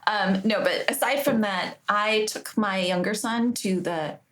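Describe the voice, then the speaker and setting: A middle-aged woman co-hosting a podcast in casual chat, chatty and self-mocking, full of quick asides. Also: mid-range voice, fairly bright tone. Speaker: podcast co-host, illustrator.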